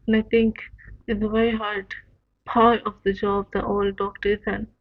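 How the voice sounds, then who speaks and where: A woman hosting a reaction video, speaking in a halting, earnest way with short pauses. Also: medium pitch. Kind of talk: emotional reaction commentary. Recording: dull lo-fi recording.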